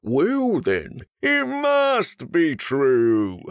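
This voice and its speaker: A woman's voice: low voice, wildly swooping pitch, no echo, clean studio sound, heavily acted. A woman doing a sly coaxing fox. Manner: slow, coaxing. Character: sly smooth-talking male fox, cunning.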